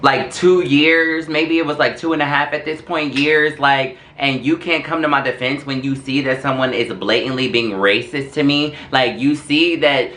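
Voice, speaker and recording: A young man telling a story in an animated, sassy way while doing his makeup for a get-ready-with-me video. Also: mid-range voice, moderate pace, hardly any pauses. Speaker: vlogger. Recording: echoey room.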